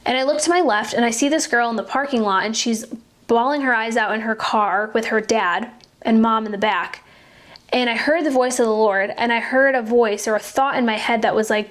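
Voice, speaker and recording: A woman's voice: on the high side, fairly quick. A young woman in her twenties hosting a podcast, telling a personal faith story in an earnest, chatty way full of 'like'. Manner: chatty, filler-heavy, frequent 'like'; earnest and heartfelt. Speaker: podcast host. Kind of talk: casual faith-based storytelling.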